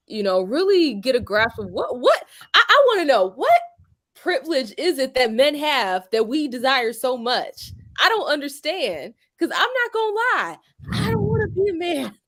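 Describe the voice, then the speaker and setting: A woman's voice: high-pitched, very animated, normal speed, a bit bright, dry recording, clean studio sound. A young adult woman hosting a casual discussion stream, chatty, laughing often and using many fillers. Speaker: host.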